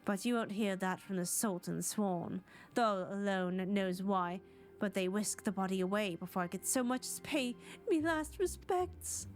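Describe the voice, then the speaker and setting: A woman voicing a frantic, grieving old mother, wailing and melodramatic with a rough put-on accent. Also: medium pitch, lively intonation, unhurried, faint music behind, lightly acted. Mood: mournful.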